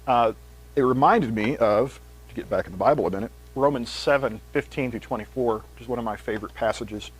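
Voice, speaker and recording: A man preaching a sermon in a conversational, animated way, reading scripture aloud with rising pitch and volume. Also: a little fast, breathy edge, rough recording.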